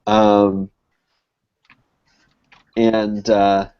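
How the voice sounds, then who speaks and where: A man's voice: lowish voice, monotone, darkish tone, clear, resonant tone. A young man from Connecticut telling a long story in a loose, rambling way, packed with "like" and swearing. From Connecticut, USA. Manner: rambling, fills every pause with "like", swears freely. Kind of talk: casual storytelling on a podcast. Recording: dull lo-fi podcast recording.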